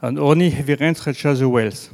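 A man with a French accent, a native French speaker, giving a slow, halting presentation with slides and frequent restarts. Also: medium pitch, darkish tone. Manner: halting, many restarts and fillers, deliberately slow. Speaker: presenter on groundwater.

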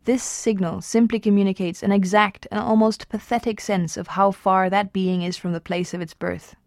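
A woman reading a novel aloud at an even pace, with small slips and restarts. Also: mid-range voice, moderate pace, no echo, studio quality. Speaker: reader.

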